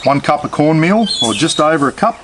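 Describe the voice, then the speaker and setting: A man's voice: a little high, big pitch swings, fairly quick, very noisy. Chatty Australian man cooking outdoors. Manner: chatty, talks straight to viewers. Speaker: cooking channel host. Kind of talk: casual cooking demonstration.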